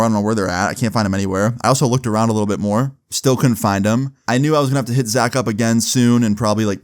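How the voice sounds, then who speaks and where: A man's voice: on the low side, clean tone. A young man casually telling a personal story in a slangy, laid-back way, full of "like" and "bro".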